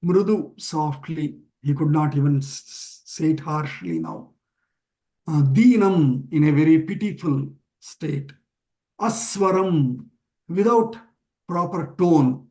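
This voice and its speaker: A man teaching a weekly online class over a video call, explaining a chanted text slowly and word by word, with many pauses and fillers. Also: a little high, expressive, a little mellow. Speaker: teacher of scripture.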